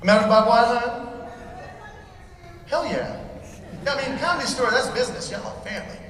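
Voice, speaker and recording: A comedian with a very high voice talks a little fast, his intonation lively, as he rants crudely and with mock pomposity in a large convention hall. Heard from a distance in an echoey room, the crowd noise includes an audience laughing and cheering.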